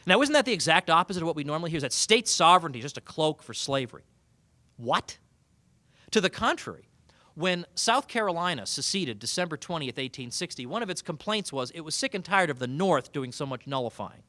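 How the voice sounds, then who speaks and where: A man delivers a humorous keynote at a banquet, his bright voice swinging widely in pitch. He talks with an animated, sarcastic edge. The sound is dry and close. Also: brisk, no room sound. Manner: animated, sarcastic, mock-quoting opponents. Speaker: keynote speaker. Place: banquet hall.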